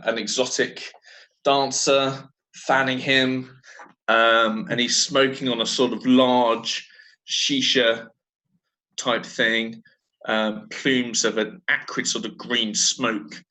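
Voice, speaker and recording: Bright-voiced man running a tabletop game. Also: medium pitch, little pitch movement, takes it slowly, rough recording. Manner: hesitant, lots of ums. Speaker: game master.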